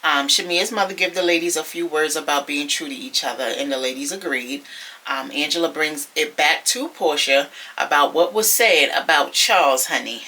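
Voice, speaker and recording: A sassy, gossipy woman recaps a reality episode to her viewers. Her voice sits low but rings bright and sharp. She talks in a loose, chatty way, full of "you know" and "y'all.". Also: normal speed, a little hiss or hum, rough recording. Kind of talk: casual recap commentary.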